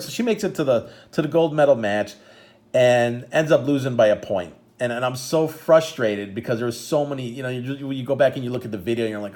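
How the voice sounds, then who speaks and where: In a relaxed on-camera storytelling session, a middle-aged father and karate coach talks briskly in a mid-range, slightly mellow voice. The long tale meanders with frequent restarts. His emotion shows as he gets choked up.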